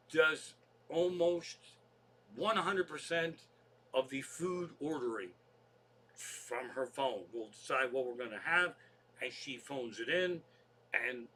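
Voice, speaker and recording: A man's voice: fairly high pitch, sharp tone, slight background noise. A man hosting his own comedy show, rambling through stories in a casual monologue and swearing constantly.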